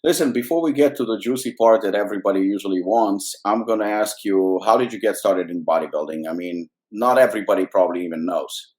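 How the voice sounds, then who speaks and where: A man hosting a podcast, asking questions in a relaxed way with lots of fillers. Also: fairly low pitch, quick pace. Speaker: podcast host. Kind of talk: casual interview.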